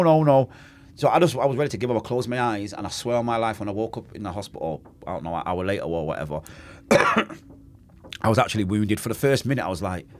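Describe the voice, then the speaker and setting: A man with a Manchester accent, a podcast guest telling his story in a casual interview, acting out quotes and sound effects, with street slang. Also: lowish voice. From Manchester, England. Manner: vivid storyteller, acts out quotes and makes gunshot sounds; street slang, swears oaths.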